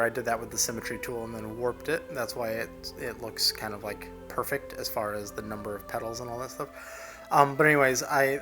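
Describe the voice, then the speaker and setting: A man's voice: medium pitch, a bit bright. A young man casually narrating over his digital painting, rambling loosely with plenty of fillers and restarts.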